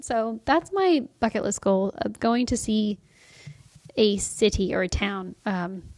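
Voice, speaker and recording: A woman's voice: on the high side, brisk, no room sound, clean studio sound. A young woman co-hosting a faith podcast, chatting casually in a bubbly, giggly, rambling way. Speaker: podcast co-host. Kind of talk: casual chat.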